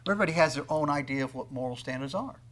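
A man preaching a sermon, swinging between loud emphatic lines and quiet asides, and acting out the voices of the people he quotes. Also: medium pitch, lively intonation, racing. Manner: acts out quoted speakers in conversational tones. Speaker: pastor.

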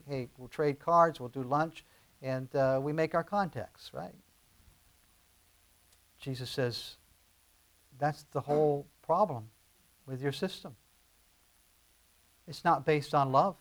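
A middle-aged man preaches in a loose, conversational sermon style. His voice sits fairly high for a man, and it rises into emphatic bursts. He often restarts his sentences mid-thought. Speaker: pastor.

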